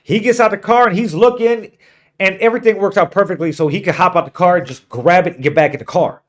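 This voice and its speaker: High pitched guy cussing up a storm telling a road trip story on a podcast. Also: quick pace. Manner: profane, animated storyteller. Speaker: podcast co-host. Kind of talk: casual storytelling chat.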